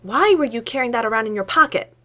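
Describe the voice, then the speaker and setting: A woman's voice: fairly high pitch, expressive, quick pace, a bit bright, voice pushed up. An incredulous young male soldier in a storybook, voiced by a woman reading aloud. He asks his questions in plain disbelief.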